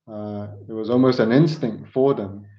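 A man's voice: lowish voice, fairly even intonation. Earnest male preacher, dull lo-fi recording. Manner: earnest, halting, pleading rhetorical questions. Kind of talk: sermon.

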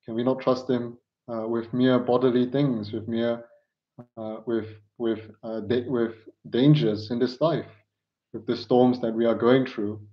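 Male preacher for a sermon: earnest, halting, keeps asking pleading rhetorical questions; mid-pitched voice on a muffled, lo-fi recording. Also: little pitch movement. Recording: dull lo-fi recording.

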